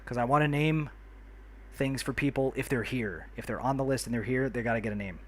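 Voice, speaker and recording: A man's voice: medium pitch, a little fast, slight background noise. A man from New York hosting a casual game livestream, chatty and friendly, greeting and thanking viewers by name as he plays. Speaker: livestream host. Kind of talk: casual livestream chat while playing a city builder.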